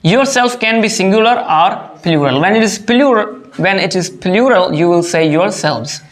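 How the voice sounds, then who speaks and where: A grammar teacher giving a lesson to students, speaking slowly and repeating each phrase and example, often addressing them as dear students. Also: mid-range voice, lively intonation.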